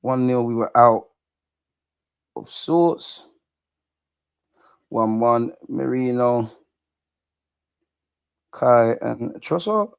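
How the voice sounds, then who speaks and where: Man, fan watch-along host, excitable, slangy, dry close sound. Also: mid-range voice, measured pace, long pauses, no room sound. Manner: slangy, blunt and excitable, chanting and shouting at goals. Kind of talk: live match watch-along commentary.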